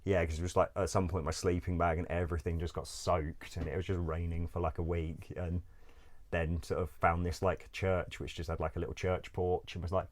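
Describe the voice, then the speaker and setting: A man with a very low, deep voice tells stories in a loose, rambling way. He leans on "like" constantly, swears without a second thought and breaks into laughter as he goes. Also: flat delivery, brisk. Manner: rambling, full of "like", swears freely, laughs often. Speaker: interview guest. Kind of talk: casual storytelling.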